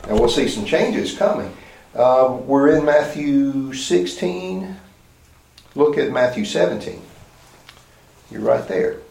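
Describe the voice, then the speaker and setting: A man teaches a Bible lesson in a relaxed, conversational way, breaking off and restarting his sentences and checking in with rhetorical questions. His voice sits at an ordinary middle pitch. The sound is roomy, with a noticeable echo around him. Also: slow, vocal fry, long pauses. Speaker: preacher. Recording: roomy echoey hall.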